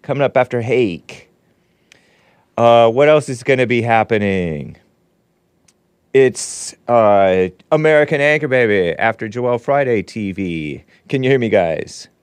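A middle-aged man hosts his own livestream show from a home studio in Los Angeles, rambling casually with joking asides. His mid-range voice is animated and a little slow, with a clean tone and dry recording.

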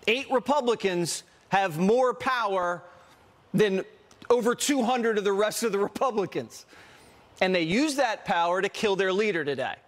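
A man hosting a cable news show with emphatic, loud commentary. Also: high-pitched, animated, moderate pace. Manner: emphatic, loud broadcast delivery. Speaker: TV news host.

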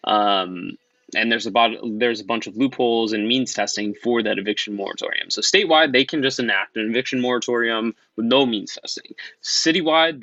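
A man's voice: mid-range voice, bright, forceful tone, dry recording, dull audio. A man talking bluntly and angrily in a casual podcast conversation, swearing freely. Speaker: guest organizer. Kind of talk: casual political podcast talk.

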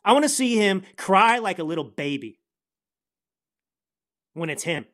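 A man's voice: high voice, animated, measured pace, fairly bright tone. A man hosting a political commentary podcast, ranting in a heated, indignant way. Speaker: podcast host.

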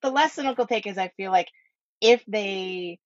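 A woman's voice: mid-range voice, normal speed, no echo. A woman hosting a podcast in a casual, thoughtful way, hesitating often with fillers. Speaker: podcast host. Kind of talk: casual chat. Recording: slightly dull lo-fi sound.

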